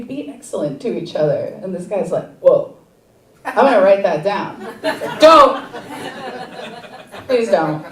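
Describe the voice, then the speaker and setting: A high-pitched woman performs a self-mocking stand-up set in a theater. Her voice comes from a distance and echoes around the room, and she slips into quoted voices as she goes. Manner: chatty, self-mocking, acts out other people in quotes. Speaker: stand-up comedy student. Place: comedy theater stage.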